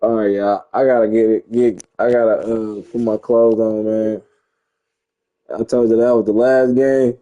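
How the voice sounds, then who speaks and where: A man's voice: fairly low pitch, level tone, a little slow, warm tone, dull audio. A young man talking casually and profanely over his football video game, rambling and boasting. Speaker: gamer streamer. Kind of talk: casual gameplay commentary.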